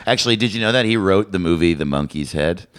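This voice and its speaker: Low-voiced, sarcastic male podcast co-host. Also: expressive, fast talker. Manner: joking, sarcastic, crude, laughs a lot. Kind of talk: casual comedic chat.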